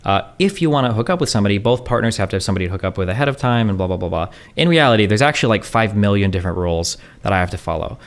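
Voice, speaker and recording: A man's voice: fairly low pitch, animated. A man in a casual, rambling monologue, answering chat questions and swearing freely, with constant fillers. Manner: rapid, profane, heavy on fillers like "like" and "um".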